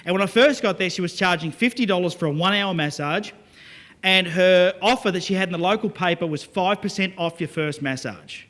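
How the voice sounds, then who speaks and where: High-voiced man working a seminar crowd. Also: brisk. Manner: lively, joking, audience-engaging. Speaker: business speaker. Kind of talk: live seminar talk to an audience.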